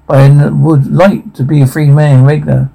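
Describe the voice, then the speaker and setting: A thoughtful, earnest captive monk, read out by a man with a gravelly, husky voice. The reading is flat and plain rather than acted. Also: fairly high pitch, moderate pace, poor audio.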